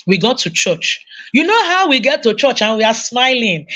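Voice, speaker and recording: A woman's voice: mid-range voice, moderate pace, highs cut off. A woman with a Nigerian English accent giving a sermon-style parenting talk at a conference, telling stories and acting out voices. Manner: animated storytelling, acting out voices. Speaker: conference speaker.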